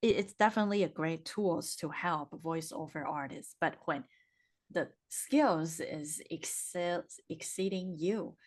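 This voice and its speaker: Woman host low voice, hesitant, casual video-call interview chat. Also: measured pace. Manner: hesitant, searching for words. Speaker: podcast host.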